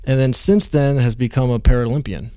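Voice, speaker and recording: A man in casual conversation who speaks in a measured way, filling pauses with "uh" and "you know.". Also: mid-range voice, warm tone, dry recording. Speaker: guest, former soldier and touring guitar tech. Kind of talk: casual chat.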